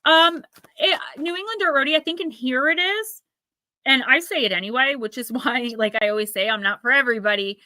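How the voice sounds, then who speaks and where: A woman's voice: high voice, sharp tone, no echo. A woman in her forties with a New Jersey accent, hosting a live tarot reading and chatting with viewers by name. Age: 40s. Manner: chatty, talks to viewers by name, quick asides. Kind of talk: live-stream intuitive reading.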